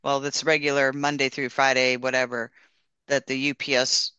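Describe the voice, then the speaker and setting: A man's voice: medium pitch, flat delivery, normal speed, bright, forceful tone, clear, resonant tone, no room sound, lo-fi sound. Earnest man telling a rambling testimony. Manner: earnest, rambling storyteller with frequent restarts. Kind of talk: casual testimony and prayer.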